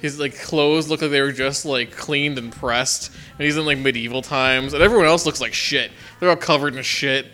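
A man's voice: mid-range voice, moderate pace, few pauses, pushed and bright. A man in casual chat as a podcast co-host, rambling through candid stories and swearing casually.

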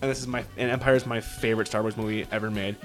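A man's voice: lowish voice, steady tone, racing, faint music behind. A man in his forties, chatting casually as a podcast co-host, rambling and profane, with lots of restarts. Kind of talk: casual chat.

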